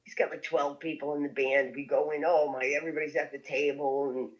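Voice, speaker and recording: A woman telling a story as a podcast guest, lively and laughing often as she goes. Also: deep voice, fairly quick, lo-fi sound.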